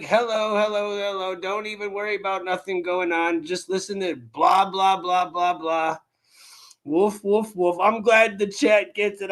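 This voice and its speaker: A man hosting a casual livestream, rambling loosely, swearing and joking with his chat. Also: high-pitched. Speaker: livestream host reacting to clips.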